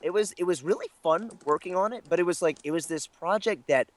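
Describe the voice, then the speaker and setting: A man's voice: sits high, quick pace, no room sound. A man guesting as a voice actor, telling a casual, rambling anecdote with lots of fillers and self-deprecating asides. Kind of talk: casual storytelling interview.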